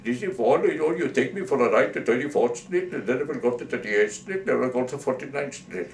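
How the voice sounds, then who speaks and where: A man's voice: mid-range voice, a little fast, natural voice. A man putting on a woman politician chattering to a cab driver in a fake mock accent. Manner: chattering, repetitive. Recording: roomy, distant mic, faint hiss.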